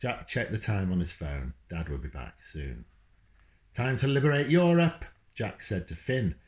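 A man's voice: low voice, big pitch swings, moderate pace. A man, a children's author, reading his book aloud at home and stopping now and then to talk to his dog. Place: at home, indoors. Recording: roomy echo.

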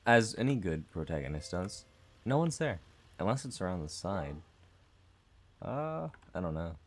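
A man's voice: low-pitched, sing-song, normal speed. A young man commentating a horror game, reading dialogue aloud with nervous jokes and laughter. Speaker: gaming YouTuber.

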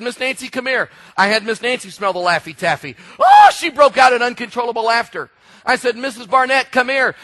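A male preacher delivers a sermon in a high, bright and forceful voice. He tells stories with lively energy and now and then bursts into shouts to drive a point home. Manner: animated storytelling preacher, shouts for emphasis. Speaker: pastor.

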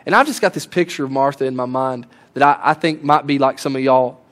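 A man's voice: medium pitch, a little fast, fairly bright tone. A man preaching a Sunday sermon as a pastor, telling stories casually and building to impassioned pleas. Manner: conversational preaching, rising to impassioned pleading. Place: church sanctuary.

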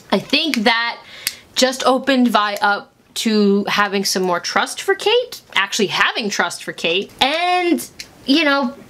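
A woman hosting a reaction video, chatting casually and gushing excitedly, sometimes breaking into squeals. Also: a little high.

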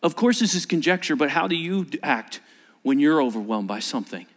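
Pastor guy preaching, slightly high voice that swings all over, acts out bible scenes. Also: big pitch swings, brisk, fairly bright tone. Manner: dramatic, acts out quoted disciples with shifting voices. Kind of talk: sermon. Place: church.

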